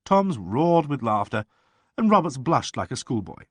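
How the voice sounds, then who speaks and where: A man reading a mystery audiobook aloud in an expressive, animated narration. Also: medium pitch, moderate pace, no echo.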